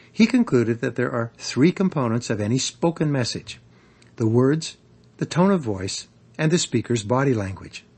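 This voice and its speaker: A man reading his own guide to public speaking as scripted audiobook narration, measured and instructive. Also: medium pitch, a little mellow, husky. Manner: measured, instructive, varies emphasis for examples.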